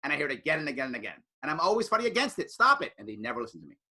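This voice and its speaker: A man speaking casually to a student group, animated and often acting out other people in raised voices. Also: medium pitch, rapid-fire. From United States. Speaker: political speaker.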